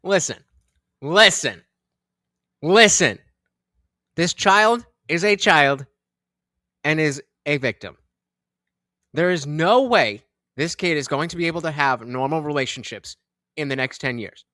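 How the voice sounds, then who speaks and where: A woman co-host reacting in casual commentary, with loud, animated interjections that can jump into shouting. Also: low-pitched, measured pace, no room sound, studio quality.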